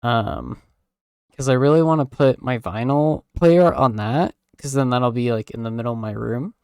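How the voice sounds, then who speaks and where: A man's voice: mid-range voice, moderate pace, darkish tone, smooth, no echo, studio quality. A young man streamer chatting in a casual, rambling way, full of "like" and "um" fillers and offhand swearing.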